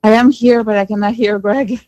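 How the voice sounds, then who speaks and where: A woman's voice: medium pitch, steady tone, fairly quick, mellow, no echo. A woman from Spain with a Spanish accent, calling in to a talk show by phone and speaking in careful, formal phrases. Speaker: caller. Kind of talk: phone-in chat. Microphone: telephone line.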